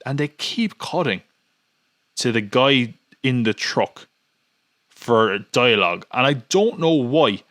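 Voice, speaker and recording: A man's voice: mid-range voice, lively intonation, slow pace, fairly bright tone, dry recording, studio quality. A man hosting a podcast in casual chat, rambling and nitpicking with many restarts. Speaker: podcast host.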